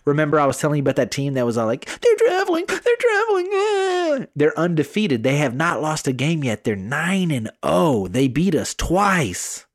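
A man co-hosting a podcast, telling a story in a casual, animated way with plenty of swearing. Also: on the high side, normal speed, hardly any pauses, no echo, clean studio sound. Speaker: podcast co-host.

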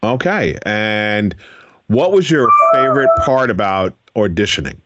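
A man's voice: fairly low pitch, expressive, measured pace, dull audio, heavy background noise. A man hosting a radio interview show, asking children encouraging follow-up questions from a studio.

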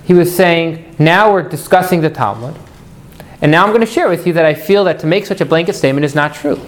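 Animated man teaching a class. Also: on the high side, a little fast. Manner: animated, questioning the class, jokey asides. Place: room with a live class.

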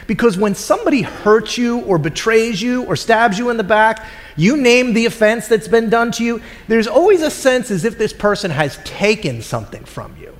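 High-voiced male pastor in a reverberant hall. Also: lively intonation, normal speed. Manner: conversational preaching, acts out quoted voices. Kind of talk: sermon.

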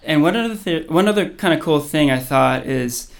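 A man's voice: fairly high pitch, animated, moderate pace, vocal fry. A man hosting a casual podcast chat, thoughtful and often restarting his phrases. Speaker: podcast host.

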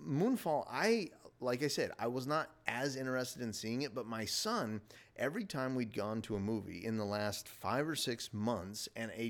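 A middle-aged man hosting a casual podcast, rambling enthusiastically and jumping between topics as he reviews a movie. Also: medium pitch. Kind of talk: casual chat.

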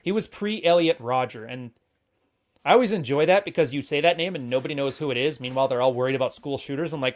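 A man co-hosting a podcast, talking in casual chat with blunt, joking opinions. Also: mid-range voice. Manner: speaks quickly in long runs. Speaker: podcast co-host.

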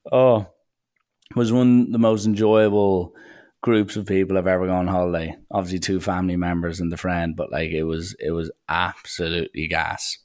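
A young man telling chatty, animated holiday stories in a casual way. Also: low-pitched, fairly quick, dry recording, clean studio sound. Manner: chatty, animated anecdotes with acted quotes. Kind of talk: casual storytelling.

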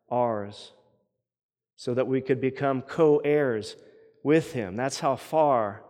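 A man's voice: medium pitch, darkish tone, in a large hall. A man preaching a sermon as pastor, earnest and often repeating words as he builds each point.

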